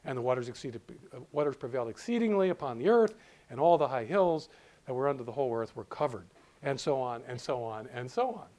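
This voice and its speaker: A middle-aged man lectures students in a loose, conversational way. He stops and restarts his phrases often. He slows down to read quoted passages aloud. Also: mid-range voice, animated, dark tone, poor audio. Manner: conversational, halting with restarts, reads quotations aloud slowly. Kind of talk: university lecture.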